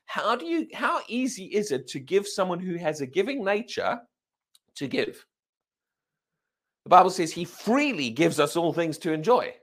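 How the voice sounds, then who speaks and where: A male preacher delivers a lively sermon, his high voice leaping up and down as he questions the room. The tone is animated and conversational, and it shifts sharply in pitch from line to line. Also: moderate pace. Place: church service.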